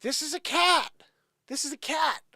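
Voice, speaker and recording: A man mimicking a shrill, preachy scold. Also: moderate pace, sharp tone, dry recording, studio quality, exaggerated voice. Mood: mocking. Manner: sing-song, mocking, exaggerated. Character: shrill preachy scold insisting on absurd things.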